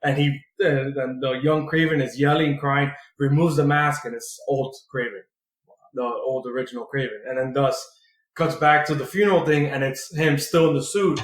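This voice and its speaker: Steady-toned and mid-range, a man co-hosting a podcast goes over a comic at a moderate pace. He rambles, uses plenty of fillers, and swears freely, and the recording has an echoey, roomy quality.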